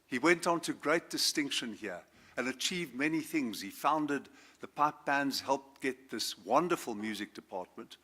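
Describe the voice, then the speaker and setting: Bright-voiced South African man in his 70s. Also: medium pitch, expressive. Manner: measured and formal, with emphatic lifts on key words. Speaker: guest speaker, former judge and alumnus. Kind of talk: formal speech to a school assembly. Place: school assembly, speaker standing before students.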